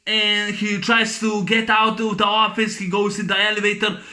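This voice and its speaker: A man with a high, bright voice talks through a movie review in a loose, casual way. He rambles, leans on fillers and keeps breaking into laughter as he retells scenes. The tone stays crisp and forward throughout. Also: monotone, normal speed. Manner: rambling, full of fillers and "you know".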